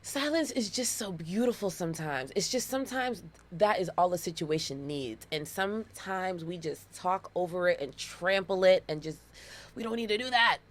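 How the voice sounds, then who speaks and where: A woman in her thirties hosts a solo podcast in a loose, animated way, driving her points home by repeating them. Her voice sits a little low for a woman. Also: moderate pace. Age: 30s. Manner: animated and playful, with dramatic repetitions. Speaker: podcast host. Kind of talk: casual solo podcast monologue.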